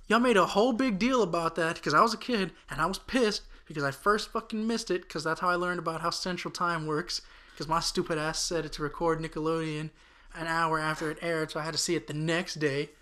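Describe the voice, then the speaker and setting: A man's voice: fairly high pitch, bright, forceful tone. A young man co-hosting a casual podcast, ranting with lots of swearing. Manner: profane, ranting. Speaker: podcast co-host. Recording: audio-only podcast.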